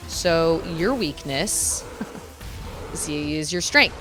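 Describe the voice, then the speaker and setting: A woman's voice: sits low, animated, drawn-out words, long pauses, over music. A woman streaming a game, chatting casually and animatedly, laughing often and gasping at surprises. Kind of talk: casual gameplay chat.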